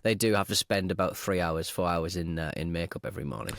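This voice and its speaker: A man's voice: low voice, steady tone, fast talker, a bit bright, no room sound. A man co-hosting a casual podcast chat, teasing and joking. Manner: teasing, playful jokes. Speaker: podcast co-host.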